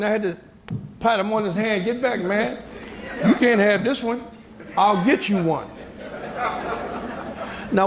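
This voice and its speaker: Gravelly, high-voiced older man telling a story. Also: a little hiss or hum. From United States. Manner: lively storyteller who acts out other people's words; colloquial and emphatic. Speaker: panel guest. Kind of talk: storytelling at a moderated discussion. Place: university hall. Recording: roomy hall sound.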